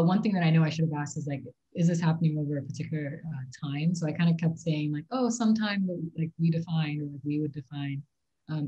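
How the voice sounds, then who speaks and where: A woman answering mock job interview questions, talking quickly and filling her sentences with "like" and "um.". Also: low-pitched, mellow, lo-fi sound. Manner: fast-talking with frequent "like" and "um" fillers. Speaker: interview candidate.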